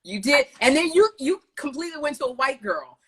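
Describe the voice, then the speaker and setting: A woman hosting a casual live video chat, telling lively stories over a video call. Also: high voice, fairly quick. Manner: animated storytelling, lively retellings. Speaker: host.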